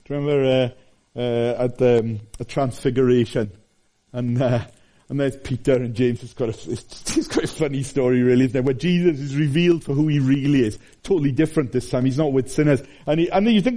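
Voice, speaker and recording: A man's voice: medium pitch, mellow. A man in his forties preaching a sermon, telling stories animatedly with fillers and restarts.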